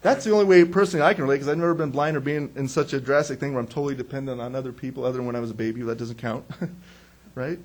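A man's voice: mid-range voice, rapid-fire. A man preaching a sermon in a conversational way, asking questions and answering them himself, and acting out quotes. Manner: animated, acts out quotes. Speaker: pastor.

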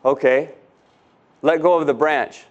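A preacher voicing a calm, patient God. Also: male voice, a little high, measured pace, lo-fi sound, natural voice. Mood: calm reassuring. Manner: calm, steady, reassuring.

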